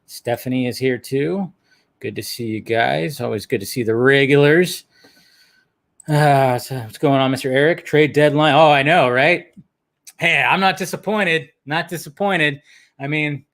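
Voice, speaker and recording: A man's voice: a little high, fairly bright tone. A man hosting a casual live stream, greeting viewers in the chat by name and rambling in upbeat asides. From California. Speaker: livestream host.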